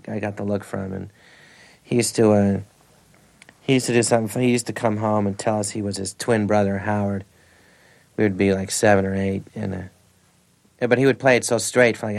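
A man's voice: fairly low pitch, gravelly. Rambling male comedian telling stories. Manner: rambling anecdotes, frequent laughs. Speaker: actor and comedian guest. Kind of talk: radio interview storytelling.

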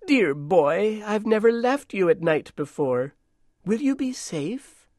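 A man's voice: high voice, sing-song, slow, a little mellow, no room sound, clean studio sound, voice pushed up, full character voice. A man voicing Dame Petersen, fussy old dame. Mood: tender. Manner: scolding, mothering. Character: fussy, sharp-tongued but caring older woman. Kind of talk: storybook reading.

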